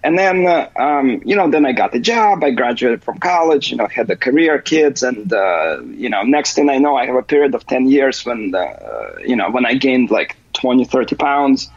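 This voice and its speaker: A man's voice: mid-range voice, very animated, normal speed, breathy edge, no room sound. A man as a guest on a podcast, calling in remotely and talking hesitantly with many fillers and restarts. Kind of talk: casual interview. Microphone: remote call. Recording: muffled remote call audio.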